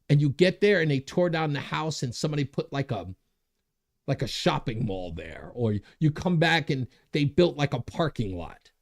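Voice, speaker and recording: A male talk show host with a high, lively voice that swings widely in pitch. He rants with growing energy, laughs at himself and reads out viewer comments between his points. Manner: animated, gets worked up and laughs at himself.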